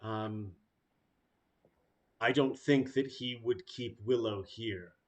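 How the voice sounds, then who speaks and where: A man's voice: mid-range voice, slow, darkish tone, muffled recording, close to an everyday voice. A man playing a stiffly formal commander. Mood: grave. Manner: stiff, ceremonious, deferential. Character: formal, apologetic male military commander.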